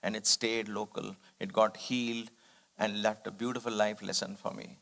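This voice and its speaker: A man's voice: lowish voice, flat delivery, moderate pace, gravelly, a bit bright. Earnest man telling a devotional story. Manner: earnest, reflective, acts out quoted dialogue. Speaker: study circle speaker.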